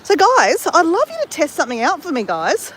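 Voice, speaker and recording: Australian woman, fairly high voice, chatty livestream host walking on a beach, phone mic, faint noise behind. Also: huge pitch swings, fast talker, a bit bright. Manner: chatty, greets viewers, talks while walking. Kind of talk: casual live-stream chat while walking. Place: outdoors on a beach at sunrise. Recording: faint outdoor background noise.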